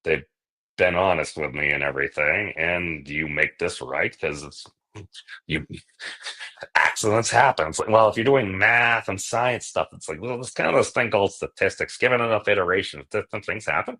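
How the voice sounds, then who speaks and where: Deep-voiced rambling livestream host. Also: male voice, animated, moderate pace, pushed and bright. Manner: rambling storytelling with filler phrases. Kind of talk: casual live-stream chat.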